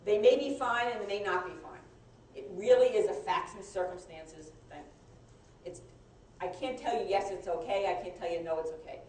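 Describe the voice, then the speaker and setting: A woman lawyer giving a live compliance training talk, conversational and halting, with frequent restarts. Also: mid-range voice, a little mellow. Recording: echoey room, mic far off, faint noise.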